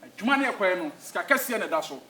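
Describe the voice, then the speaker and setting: Bossy Ghanaian coach barking orders. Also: male voice, high-pitched, big pitch swings, fast talker, pushed and bright. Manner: bossy, barking orders, mixing Twi and English. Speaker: football coach. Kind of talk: comedy skit. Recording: echoey, far from the mic, faint noise.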